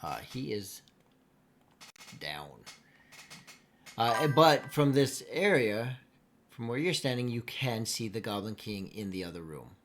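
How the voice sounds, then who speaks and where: A man narrating as game master at a slow, deliberate pace. He pauses often and fills the gaps with uhs. A faint hiss of noise runs underneath his voice. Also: medium pitch, sing-song, fairly bright tone. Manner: unhurried narration with many filler uhs.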